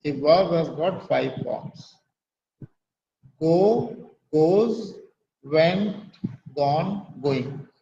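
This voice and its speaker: A man's voice: fairly high pitch, expressive, very slow, vocal fry, long pauses, mellow. A middle-aged man with an Indian English accent giving a university lecture, explaining each point and checking with "right?". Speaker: guest lecturer, professor of English. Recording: dull, echoey lecture recording from a hall.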